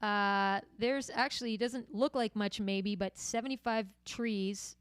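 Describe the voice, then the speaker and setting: Woman hosting a livestream, chatty, smooth clear voice, dry close sound, mid pitch. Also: steady tone, measured pace, no echo. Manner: chatty and friendly, with frequent fillers. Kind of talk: casual livestream chat to viewers.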